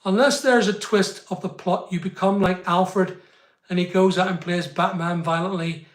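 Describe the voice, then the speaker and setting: A man's voice: high voice, fairly even intonation, normal speed. A middle-aged man, chatting casually on a live stream and greeting viewers by name. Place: studio room being built. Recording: echoey unfinished room.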